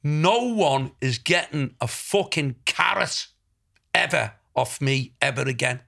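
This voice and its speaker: A man's voice: mid-range voice, lively intonation, unhurried, vocal fry, bright, forceful tone. An older man with a Liverpool accent, hosting a podcast in casual chat, blunt, sweary and rambling. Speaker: podcast host.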